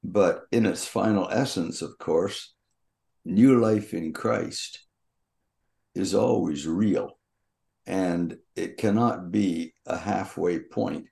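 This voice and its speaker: An older man teaching from the Bible at an unhurried pace, his voice low and gravelly with a dark, mellow tone. He reads the verses aloud in a measured, deliberate way.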